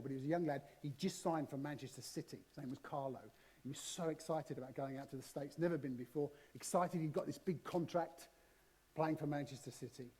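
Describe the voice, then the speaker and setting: Animated high-voiced preacher. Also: male voice, husky. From southern England. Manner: animated storytelling, shifting loud and soft. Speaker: guest preacher. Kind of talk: sermon. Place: church.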